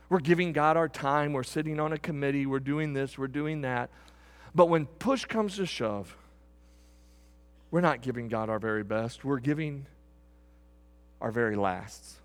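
A man preaching a sermon, swinging from loud bursts to hushed emphasis. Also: medium pitch, moderate pace. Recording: echoey hall with long reverb.

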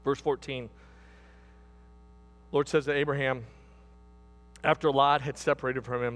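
A middle-aged man preaching a sermon as pastor, folksy and repetitive, dropping to soft asides and rising to loud exhortation. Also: mid-range voice, little pitch movement, measured pace, long pauses.

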